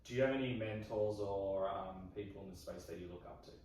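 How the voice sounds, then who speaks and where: Aussie guy hosting a podcast, lowish voice, rambly and friendly, far from the mic in an echoey room. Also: darkish tone. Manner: friendly, rambling, quick to laugh. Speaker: podcast host. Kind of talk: casual interview chat. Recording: echoey room, distant mic, faint noise.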